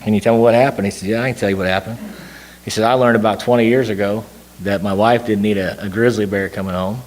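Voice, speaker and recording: Fast-talking man telling a story in a reverberant hall. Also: fairly low pitch, steady tone. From Tennessee. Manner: rambling storyteller with many fillers and restarts. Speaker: recovery meeting speaker. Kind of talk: storytelling talk to a recovery group.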